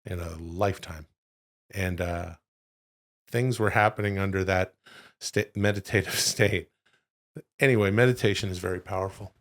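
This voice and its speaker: A man's voice: low voice, fairly even intonation, moderate pace, long pauses. A man co-hosting a comedy podcast, talking in a rambling, profane, loose and joking way. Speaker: podcast co-host. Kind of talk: casual comedic chat.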